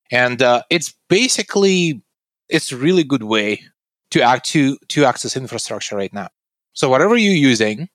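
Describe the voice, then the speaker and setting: Earnest male tech founder, dry sound. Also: no echo. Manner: earnest, explanatory, pitching his product. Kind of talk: interview answers.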